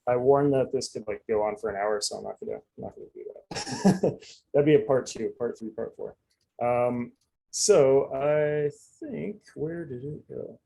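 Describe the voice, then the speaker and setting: Man, gravelly, mellow tone, casual live coding demo, chatty with fillers. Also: medium pitch, a little slow, rough recording. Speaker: presenter.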